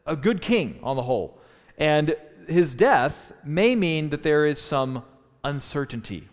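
Man preaching in a reverberant hall. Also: fairly high pitch. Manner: thoughtful teaching tone with frequent restarts. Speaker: pastor. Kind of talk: sermon.

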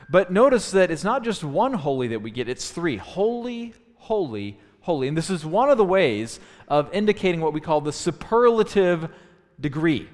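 A man preaching a sermon, teaching in a thoughtful tone with frequent restarts. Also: fairly high pitch. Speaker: pastor. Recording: long hall reverb.

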